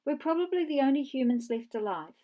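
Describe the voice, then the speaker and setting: A woman doing an excitable young boy. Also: sits high, brisk, pitched above the performer's own voice. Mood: excited. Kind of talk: children's storybook reading.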